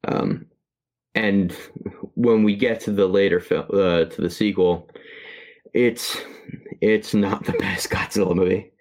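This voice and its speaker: Guy with a really deep voice chatting about a movie on a podcast, lots of ums. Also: fairly even intonation, darkish tone. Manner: halting, many fillers and restarts. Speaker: podcast co-host. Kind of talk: casual movie review chat.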